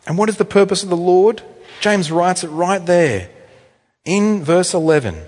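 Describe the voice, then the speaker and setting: Lively, animated male preacher in an echoey hall. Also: sits high, normal speed. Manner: animated storytelling, conversational asides. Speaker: pastor. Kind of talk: sermon. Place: church.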